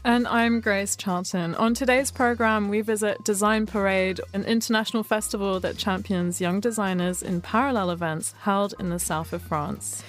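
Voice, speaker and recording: A woman's voice: medium pitch, normal speed, hardly any pauses, soft background music. A woman co-hosting a radio show in a studio, speaking in an easygoing way with small fillers. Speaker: radio co-host.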